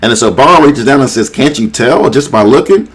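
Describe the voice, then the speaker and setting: A man talks through a chapter recap in an easy, unscripted way, stumbling over filler words as he reads out character lines. His voice sits at an ordinary middle pitch. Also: lively intonation, normal speed, husky. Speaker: manga reviewer.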